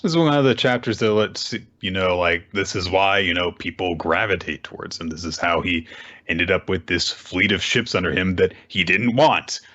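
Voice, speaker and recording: A man co-hosting a podcast, recapping a comic chapter in a casual, lively way. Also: sits low, moderate pace. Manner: animated retelling, jumps into character voices for quotes. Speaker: podcast co-host. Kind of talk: casual recap with acted-out lines. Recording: dull lo-fi podcast audio.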